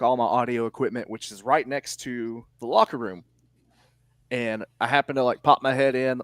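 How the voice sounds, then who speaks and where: A man's voice: mid-range voice, dry recording, clean studio sound. A young man, a wrestling commentator, telling a story in casual podcast chat, acting out quotes and laughing often.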